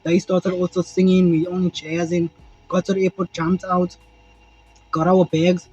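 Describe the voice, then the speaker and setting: High, husky young South African man. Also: normal speed. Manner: animated, rambling, swears freely, acts out moments. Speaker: vlogger. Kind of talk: casual storytelling to camera. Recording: dull lo-fi sound with faint music.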